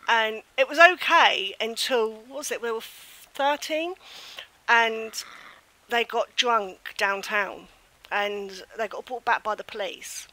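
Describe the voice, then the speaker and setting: Older woman, British accent, bright clear voice, animated storyteller, casual stream chat. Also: on the high side, poor audio. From United Kingdom. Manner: animated storyteller, laughs often.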